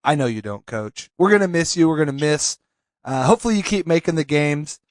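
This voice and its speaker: Earnest, halting male podcast host. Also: a little high, lively intonation, no echo. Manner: earnest, halting, many restarts. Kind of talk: casual comedic chat.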